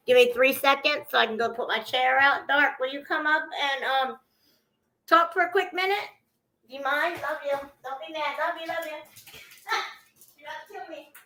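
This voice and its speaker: A chatty woman hosts a casual livestream from home, talking loosely to her viewers with the odd curse. Her voice is bright and a touch high. The room around her sounds echoey. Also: a little hiss or hum. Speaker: livestream host. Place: at home indoors.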